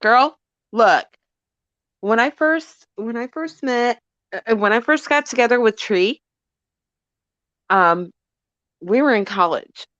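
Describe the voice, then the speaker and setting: A middle-aged woman hosts a casual chat with emphatic storytelling. Her fairly high voice leaps up and down, and she takes her time. The recording is dry and slightly lo-fi. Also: expressive, slow, pauses often, fairly bright tone, dry recording. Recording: dull lo-fi dry audio.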